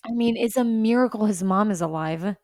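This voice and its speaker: Female co-host, expressive emotional reactions, mid-pitched, dry mic. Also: fairly quick, dry recording. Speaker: podcast co-host. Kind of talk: casual recap chat.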